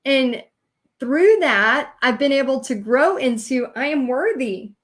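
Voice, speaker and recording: A woman's voice: high-pitched, expressive, measured pace. A woman giving a live-streamed training talk as a business coach, earnest and emotional, rambling with many fillers.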